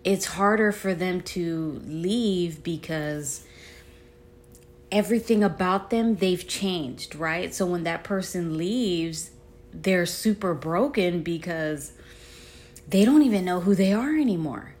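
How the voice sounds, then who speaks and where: Chatty low-voiced woman co-host. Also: slow pace, a little mellow. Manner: chatty, frequent affirming interjections. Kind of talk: casual podcast chat.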